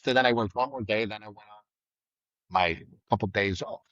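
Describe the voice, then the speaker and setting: A middle-aged man, a retired trooper, telling a story in a blunt, vivid way, loudly acting out the lines of the people he quotes. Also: fairly low pitch, normal speed, no echo, muffled recording. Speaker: retired state trooper guest. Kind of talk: casual storytelling in a podcast interview.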